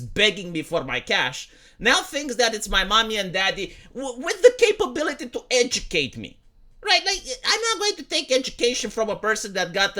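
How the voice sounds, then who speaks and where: A man with a high, bright voice rants through an opinion commentary. His pitch swings widely as he leans into sarcasm and emphasis. He often stammers and restarts words while pressing his points. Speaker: online commentator.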